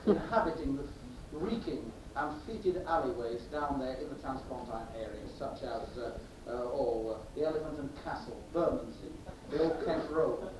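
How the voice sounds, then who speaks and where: A man's voice: mid-range voice, animated, normal speed, few pauses. A man giving a mock-pompous comic lecture to a live crowd. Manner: mock-pompous lecturing, laughing between lines. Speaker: comic performer. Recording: echoey distant live room recording with noise.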